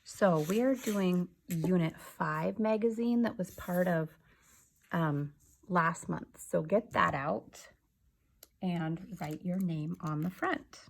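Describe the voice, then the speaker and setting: A woman teaching an early reading lesson to young children, slow and patient, sounding out letters and words. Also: fairly low pitch, gravelly.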